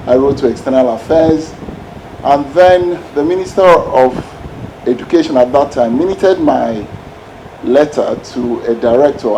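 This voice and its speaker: A man's voice: medium pitch, warm tone, poor audio. An older man gives an earnest, storytelling tribute speech as a guest at a book launch. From Nigeria. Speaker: guest speaker. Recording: background noise.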